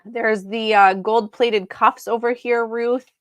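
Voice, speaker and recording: Woman host for a home live-sale stream, easygoing chat, slow delivery, dry close sound. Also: fairly high pitch, fairly even intonation, a bit bright, dry recording. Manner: chatty, unhurried, many ums. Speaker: crystal seller hosting a live sale.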